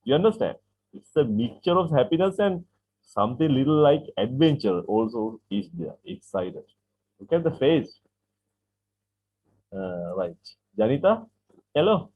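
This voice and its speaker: A man's voice: mid-range voice, husky. A man teaching an English class online, repeating phrases, asking "right?" to check understanding and acting out example sentences. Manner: acts out example sentences with lively, drawn-out delivery. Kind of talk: online English lesson explaining vocabulary. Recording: tinny call-like line from an online class.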